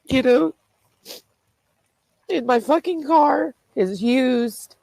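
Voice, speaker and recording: A woman's voice: high voice, slow pace, creaky, pauses often, darkish tone, no echo, low-quality recording. A tearful, distraught woman vlogging, swearing and repeating herself as she vents. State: crying. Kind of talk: emotional confessional vlog.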